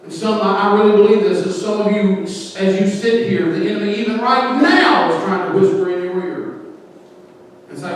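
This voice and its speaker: A man's voice: sits high, normal speed, slight background noise. A male preacher delivering an impassioned sermon that rises into sing-song cadences, recorded in a church sanctuary. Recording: echoey hall, distant mic.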